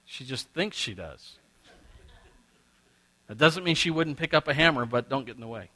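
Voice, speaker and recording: A middle-aged male pastor preaching a sermon, swinging between loud and quiet as he acts out little exchanges. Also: lively intonation, normal speed. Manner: preaching with wide swings in pitch and loudness, acting out quoted exchanges.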